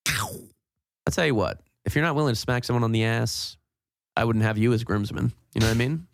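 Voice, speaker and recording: A man, a comedian guest on a podcast, teasing the host in quick banter. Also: mid-range voice, dry recording, clean studio sound. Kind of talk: casual comedy podcast chat.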